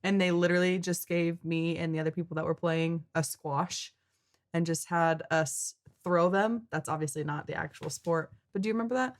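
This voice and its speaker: A woman's voice: lowish voice, steady tone, normal speed. An American woman co-hosting a reaction video in casual chat, playful and rambling as she tells stories. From United States.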